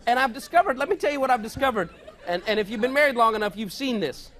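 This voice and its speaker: A man's voice: extremely high pitch, lively intonation, fast, fairly bright tone, some chatter behind, slight background noise. A male pastor giving a conversational, humorous sermon, telling stories from home and often laughing as he talks. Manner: storytelling, mimics household conversations, often laughing.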